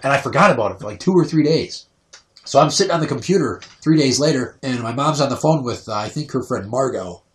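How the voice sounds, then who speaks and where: A man in his thirties tells stories casually on a podcast, his pitch swinging wide as he acts out other people's voices. He sits back from the mic, and the room adds a noticeable echo. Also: lively intonation, quick pace. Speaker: podcast host. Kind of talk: casual storytelling. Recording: roomy sound, voice distant from the mic.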